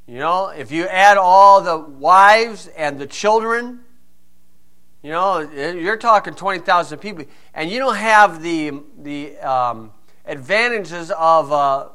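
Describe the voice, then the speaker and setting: A man's voice: sits high, bright, forceful tone. A man teaching through Bible verses in a conversational way, asking rhetorical questions and telling personal stories.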